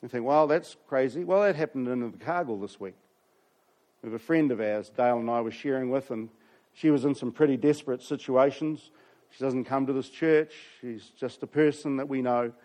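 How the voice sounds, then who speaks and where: A man's voice: medium pitch, normal speed, a little mellow. A pastor, preaching a sermon and telling a story with asides to his congregation.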